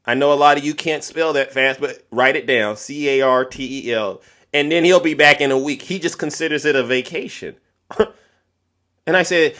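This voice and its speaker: A man's voice: on the high side, normal speed, fairly bright tone. A man hosting a livestream, ranting and mocking in a preachy tone, laughing through his lines. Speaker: livestream host.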